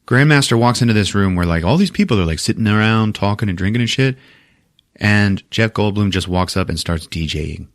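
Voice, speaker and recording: A low-voiced man hosts a podcast and recaps a film in a casual, animated way, swearing freely as he acts out the scenes. The sound is dry and close. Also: fairly quick, no echo. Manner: animated and profane, acting out scenes. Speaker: podcast host.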